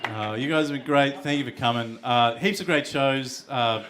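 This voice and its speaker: A man's voice: medium pitch, moderate pace, fairly bright tone, a faint crowd, a little hiss or hum. An Australian man doing crude, rambling stand-up storytelling on stage. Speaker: stand-up comedian. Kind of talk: stand-up comedy set. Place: comedy club stage.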